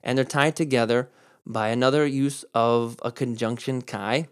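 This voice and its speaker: A man preaching a sermon and explaining Greek words, who repeats key words for stress and switches between slow, drawn-out emphasis and quick asides. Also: mid-range voice, steady tone, smooth. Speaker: pastor. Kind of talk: sermon with Greek word study.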